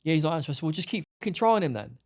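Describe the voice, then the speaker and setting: A man's voice: a little high, very animated, rapid-fire. A middle-aged man, bluntly telling his story as a podcast guest and acting out the dialogue. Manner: blunt, swearing, acts out dialogue. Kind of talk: storytelling interview.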